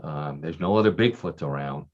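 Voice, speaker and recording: A man's voice: extremely low pitch, normal speed, pitched below the performer's own voice. A man voicing a lonely male Bigfoot who hesitantly weighs a deal, on a dull lo-fi recording. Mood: pondering. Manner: musing, hesitant. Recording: dull lo-fi radio sound.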